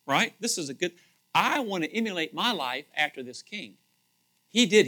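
A male pastor with a fairly high-pitched voice preaches in a conversational, animated style. He repeats himself and swings between loud emphasis and quiet asides.

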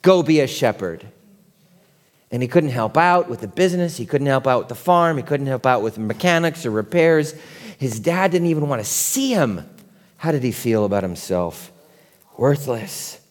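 A man in his forties, a pastor preaching a conversational sermon that swings from quiet and tender to loud and excited. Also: medium pitch, normal speed. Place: church sanctuary. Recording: long hall reverb.

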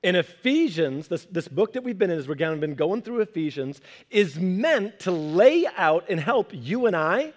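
High-voiced animated young man preaching. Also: a little slow. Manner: animated, conversational preaching with acted-out quotes. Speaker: pastor. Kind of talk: sermon.

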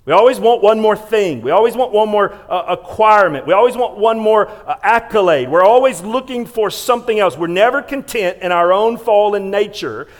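A male pastor preaching a sermon in a church sanctuary. He preaches with emphasis, repeats and restarts words, and swings between loud stressed lines and quiet, hushed ones. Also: high voice, lively intonation, moderate pace, hardly any pauses.

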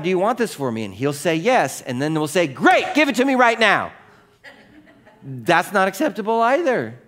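A middle-aged male pastor preaching a sermon to his congregation in a conversational way, asking them questions and acting out the voices in his own stories. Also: sits high. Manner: conversational, asks the congregation questions, acts out quoted voices in anecdotes.

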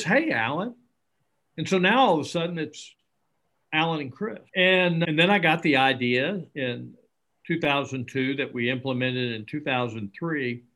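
Middle-aged male interview guest; earnest, lively storyteller, mid-range voice. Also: mid-range voice. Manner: earnest, animated, acts out dialogue. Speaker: interview guest, charity founder. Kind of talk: conversational storytelling.

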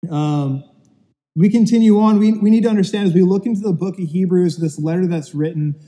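Male pastor, loose joking delivery, dark mellow tone, long hall reverb. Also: sits high, brisk. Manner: chatty, telling dad jokes with self-deprecating asides. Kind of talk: casual sermon to an online audience. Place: empty church auditorium.

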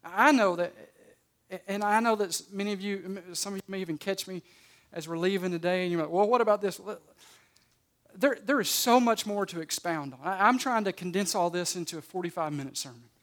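High-voiced man preaching emphatically. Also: brisk. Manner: emphatic, swings between loud and soft, repeats words when starting phrases. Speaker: pastor. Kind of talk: sermon. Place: church service.

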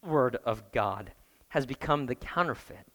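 A man's voice: medium pitch, expressive, moderate pace, fairly bright tone, long reverb tail. A man preaching a sermon as pastor, emphatic, often putting questions to the congregation. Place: church.

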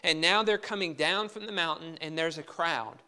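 Bright, clear-voiced preacher. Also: male voice, on the high side, moderate pace. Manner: conversational preaching with rhetorical questions; emphatic scripture reading. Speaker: pastor. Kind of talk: sermon.

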